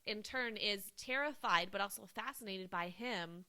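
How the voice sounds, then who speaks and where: A woman's voice: medium pitch, moderate pace, pushed and bright. A woman co-hosting a casual movie podcast, gushing with enthusiasm and peppering her talk with "like" and "um.". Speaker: podcast co-host.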